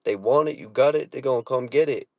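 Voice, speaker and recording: A man's voice: mid-range voice, quick pace, creaky, dry recording. A man with a Boston accent, talking casually and profanely to camera from his car, full of street slang. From Boston area, Massachusetts. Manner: brash, profane, street slang, repeats "you know what I'm saying". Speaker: vlogger. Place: inside a parked car.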